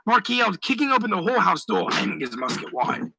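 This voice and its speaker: A man's voice: high voice, sing-song, fast talker, vocal fry, pushed and bright, husky, no echo, rough recording. A man narrating his own pirate adventure audiobook in the first person, telling the action vividly. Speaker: author reading his own novel.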